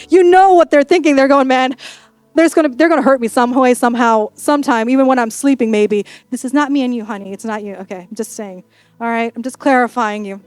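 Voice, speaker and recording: A woman pastor delivers a sermon with a bright, high voice, joking and chatting with her congregation. The sound is close and dry, with soft music underneath. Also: dry recording. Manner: playful, conversational preaching with acted-out asides. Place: church.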